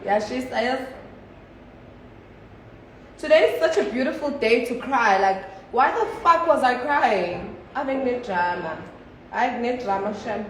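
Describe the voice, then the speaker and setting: A woman's voice: a little high, lively intonation, a little slow, echoey room, slight background noise, low-quality recording. A South African woman chatting casually on a phone livestream, switching between languages and swearing freely.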